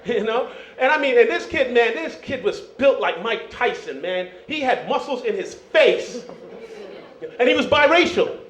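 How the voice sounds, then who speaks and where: A man's voice: very high-pitched, animated, moderate pace, a bit bright. A Jamaican-born man doing a stand-up set on a club stage, loose and chatty, peppering lines with "man" and "you know". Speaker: stand-up comedian. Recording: roomy dull club recording.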